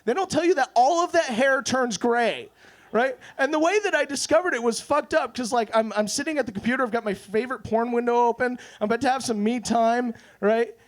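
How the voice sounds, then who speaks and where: A man's voice: very high voice, fairly quick. A man in his twenties doing a self-deprecating stand-up set at an open mic. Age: 20s. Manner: deadpan, self-deprecating, with quoted voices. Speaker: stand-up comedian.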